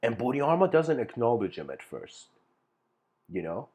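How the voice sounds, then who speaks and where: A man's voice: medium pitch, sing-song, moderate pace, darkish tone. A man giving an informal philosophical lecture, rambling with many fillers and restarts.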